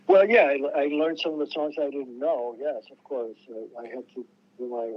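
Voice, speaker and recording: A man's voice: mid-range voice, normal speed. Older guy musician rambling thru stories, lots of restarts, kinda muffled lo-fi line. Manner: rambling, many restarts, acts out quotes. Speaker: musician guest. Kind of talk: casual storytelling interview. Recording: muffled lo-fi radio sound.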